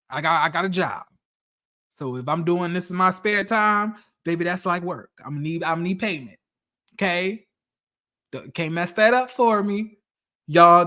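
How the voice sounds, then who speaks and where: A man giving chatty, animated recap commentary on a reality show, talking straight to his viewers. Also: high-pitched.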